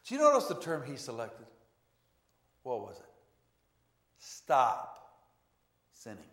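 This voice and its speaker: Man preaching a sermon in church, lively up-and-down voice, big loud swells, roomy echo. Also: medium pitch, normal speed. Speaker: pastor. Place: church sanctuary. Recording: echoey church room.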